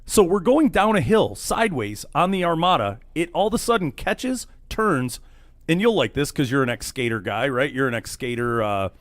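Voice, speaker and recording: A man hosting a late-night radio talk show, telling a story in a casual, animated way and acting out what people said. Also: on the high side, no room sound. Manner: animated storyteller, acts out quotes. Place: studio.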